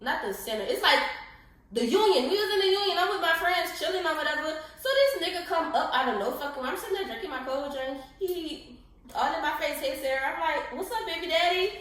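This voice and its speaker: Animated, foul-mouthed young woman in echoey room. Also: sits high, a little fast. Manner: animated, profane, mimics others in quotes. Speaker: podcast co-host. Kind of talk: casual storytelling chat.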